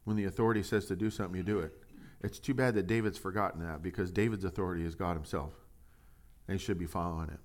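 A man's voice: deep voice, steady tone, fast. A pastor giving a casual, conversational sermon, reading scripture aloud and asking his listeners rhetorical questions.

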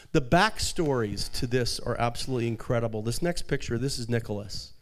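A man preaching a sermon as pastor, telling a story softly and then rising into fervent, high-pitched preaching. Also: a little fast, a little hiss or hum.

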